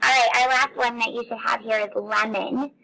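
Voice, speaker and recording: Woman teacher for a kids' phonics video: patient, encouraging, bright tone with a little fry. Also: fairly high pitch, fairly even intonation, rough recording. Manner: patient, encouraging, drawn-out word sounding. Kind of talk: recorded phonics lesson for children.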